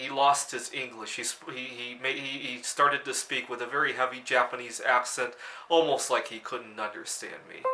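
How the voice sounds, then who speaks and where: A man talks to camera in a loose, meandering storytelling style, stumbling and repeating words as he searches for the next thought. His voice is strikingly bright and sharp, pitched in an ordinary middle register. The sound carries a noticeable echo from the room around him. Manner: rambling, halting, often repeats words. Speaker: vlog host. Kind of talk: casual personal storytelling to camera.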